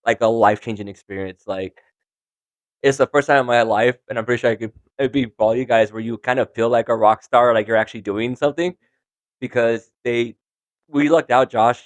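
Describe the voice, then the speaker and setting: A drummer in a band talks easily and with enthusiasm about recording at a studio. His voice sits at an everyday pitch, and it is recorded close and dry. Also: fairly even intonation, brisk, dry recording. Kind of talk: casual chat.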